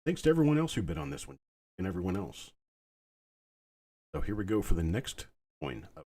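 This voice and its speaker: Male auction host, deep voice, slightly husky, calm and soothing bid calls. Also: fairly quick. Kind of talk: live online auction calling.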